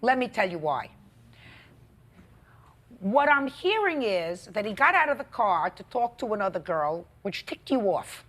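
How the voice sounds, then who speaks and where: A woman's voice: medium pitch, very animated, unhurried, a bit bright. A woman presiding as a TV courtroom judge, stern and scolding, cutting the litigants off. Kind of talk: courtroom arbitration. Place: courtroom studio.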